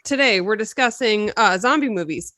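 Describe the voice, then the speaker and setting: A woman's voice: medium pitch, expressive, normal speed, pushed and bright, dry recording, studio quality. A woman guest on a podcast roundtable, chatting at length as she sets up a topic. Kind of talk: casual roundtable chat.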